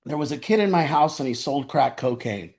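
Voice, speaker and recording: A man's voice: medium pitch, expressive, a little fast, creaky, a little mellow. A man telling a personal story in a casual, rambling way. He often restarts his sentences and laughs as he talks. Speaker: storyteller sharing a personal account.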